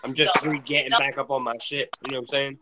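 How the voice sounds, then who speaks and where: A man's voice: mid-range voice, little pitch movement, fast. A man from Pennsylvania talking candidly as a podcast guest, laid-back and slangy. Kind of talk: casual podcast chat. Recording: audible background noise.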